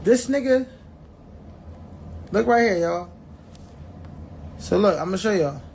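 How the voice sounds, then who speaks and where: A man tells viewers a personal story, blunt and profane, acting out the dialogue of the people involved and often repeating and restarting his words. He speaks slowly in a high, creaky, darkish voice with lively intonation, and there's a little hiss or hum.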